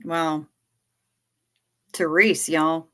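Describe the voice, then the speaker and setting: Lady streamer at home, lowish voice, bright and punchy tone, swears a lot, rambles. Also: steady tone, extremely slow. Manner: profane, candid and rambling. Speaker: livestream host. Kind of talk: casual livestream chat.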